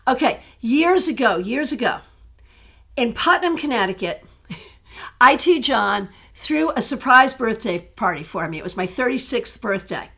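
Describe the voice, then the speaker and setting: A woman tarot reader chatting casually on a live stream, answering viewer questions in an animated way that breaks into laughter. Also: a little high, a little slow, gravelly.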